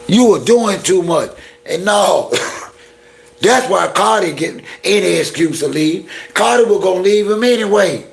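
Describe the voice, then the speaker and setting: A man's voice: high-pitched, gravelly, slight background noise. A man hosting a casual live stream, chatting with viewers in playful flirty banter and blunt exasperated rants. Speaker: YouTube live-stream host.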